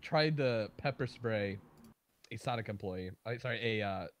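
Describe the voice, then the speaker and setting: A man chatting casually on a livestream, telling stories with loud bursts of emphasis and laughter. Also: lowish voice, moderate pace, a little hiss or hum.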